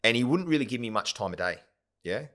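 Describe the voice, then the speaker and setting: A man's voice: mid-range voice, expressive, fast, fairly bright tone. A man, a company founder telling his story in a casual interview, often checking in with "yeah?" and "right?". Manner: rambling, full of "yeah?" and "right?" tags. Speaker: podcast guest, company founder.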